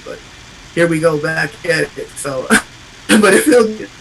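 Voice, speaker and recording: A man with a high, bright, forceful voice speaks in raw, impassioned bursts, swearing and repeating himself. He hosts a casual podcast chat. A faint hiss of background noise sits under the recording. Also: moderate pace, gravelly, rough recording. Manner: impassioned, profane, repetitive.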